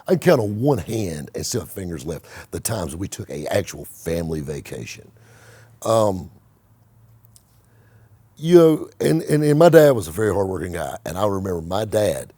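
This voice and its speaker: A man hosting his own channel, giving blunt, animated motivational talk to the camera and swearing freely. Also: deep voice, normal speed, slightly rough, dry recording. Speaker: car vlogger and host.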